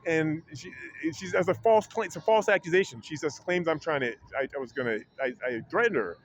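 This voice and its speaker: A man's voice: a little fast, slight background noise. Rambling man retelling a run-in. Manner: rambling with many restarts, acts out quotes in a higher voice. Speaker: vlogger. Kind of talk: casual retelling of an incident. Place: public library.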